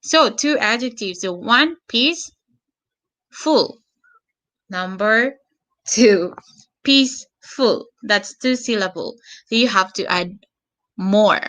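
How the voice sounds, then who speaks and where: A woman teaching an online English grammar lesson, slow and patient, repeating words and spelling out endings. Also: medium pitch, a bit bright.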